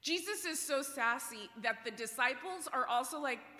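A woman preaching a sermon, animated with playful asides, then hushed and earnest. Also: sits high, moderate pace, hardly any pauses. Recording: long hall reverb.

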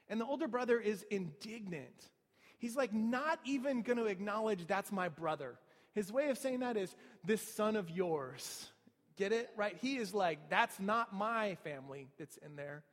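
A man's voice: sits high, long reverb tail. A man preaching a sermon in a conversational way, with rhetorical asides to the listeners.

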